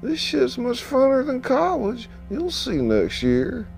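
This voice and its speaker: A man's voice: very high voice, huge pitch swings, takes it slowly, creaky, darkish tone, soft background music, voice pushed up, exaggerated voice. A man voicing a tough veteran dockworker who ribs newcomers with crude jokes. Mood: teasing. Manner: ribbing, crude joking. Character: teasing veteran male dockworker, tough and gruff.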